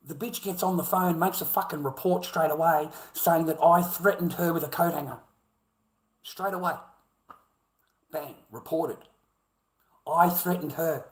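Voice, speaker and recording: A man's voice: on the high side, moderate pace. An Australian man livestreaming a heated, profane rant, repeating himself as he speaks. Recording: roomy echo.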